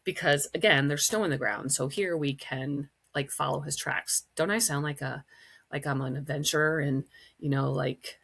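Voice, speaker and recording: A chatty middle-aged woman from Wisconsin hosts her solo podcast. Her voice sits low and carries a gravelly fry. She rambles through stories with lots of fillers. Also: steady tone, moderate pace, fairly bright tone. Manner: chatty, storytelling, many fillers, acts out quotes in a high voice. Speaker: podcast host. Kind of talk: casual solo podcast chat.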